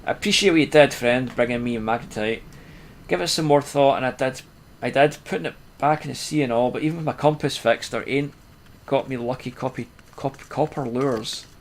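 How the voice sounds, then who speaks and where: A man voicing a broken, weary older fisherman in a video game, grumbling in a rough rustic dialect. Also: medium pitch, fairly quick, a little hiss or hum, natural voice. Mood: gloomy.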